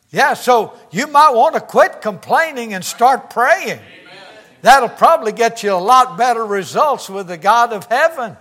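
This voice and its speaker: An older American man preaching a sermon in a fairly high, bright and forceful voice. He builds through repeated phrases with strong emphasis and often falls to a soft, quiet hush. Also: expressive, moderate pace. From United States. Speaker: pastor.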